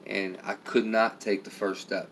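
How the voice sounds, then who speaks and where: Flat-voiced man talking candidly from afar. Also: deep voice, a little slow. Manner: candid, confessional, says "man" and "okay". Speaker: channel host. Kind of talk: casual talk to camera. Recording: distant mic with faint ambient noise.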